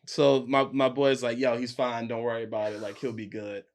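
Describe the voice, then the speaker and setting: Here a young podcast guest, mid-range in voice and moderate in pace, tells a story over casual chat. Laughing and animated, he plays the parts of his friends.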